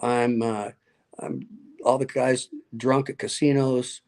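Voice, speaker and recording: Gravelly-voiced man telling lively stories. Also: medium pitch, slow. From Nevada. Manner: lively, acts out quoted voices, laughs often. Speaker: guest, pastor and speaker. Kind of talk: animated storytelling interview.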